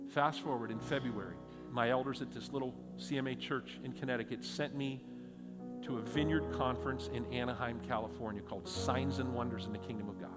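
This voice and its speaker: A middle-aged man pastor preaching a sermon, telling stories with animated emphatic peaks. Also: medium pitch, brisk, long reverb tail, loud music behind the voice. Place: church hall.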